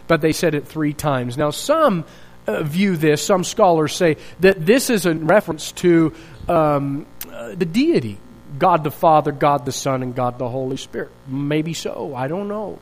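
Man, pastor, sermon, high-pitched, earnest, rhetorical questions. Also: lively intonation, normal speed, rough recording.

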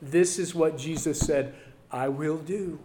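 A man preaching a sermon to his church, repeating key phrases and swinging between loud declarations and quiet asides. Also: on the high side, slow, a little hiss or hum. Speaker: pastor.

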